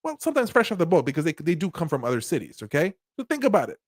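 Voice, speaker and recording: A man with a notably high voice riffs through casual commentary, animated and profane, breaking into laughter. His voice sits close and dry on the mic, with no room around it. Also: rapid-fire, dry recording. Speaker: commentary channel host.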